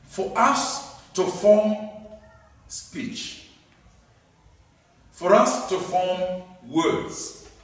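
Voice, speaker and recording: Slow emphatic preacher guy, high voice, big echoey hall. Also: lively intonation. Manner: emphatic, repeats key words, swings between loud and soft. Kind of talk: sermon. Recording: echoey hall, distant mic.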